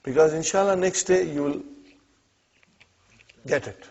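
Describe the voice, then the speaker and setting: A man's slightly high, darkish voice moves a little slowly as he teaches Arabic. Patient and encouraging, he walks the class through example sentences, often pausing to check with "huh?" or "okay?", all captured on a dull lo-fi classroom recording.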